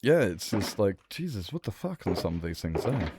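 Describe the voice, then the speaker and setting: A man's voice: low voice, big pitch swings, normal speed, very noisy. A young man streaming, talking candidly in a rambling, sweary, casual way. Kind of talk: casual livestream chat.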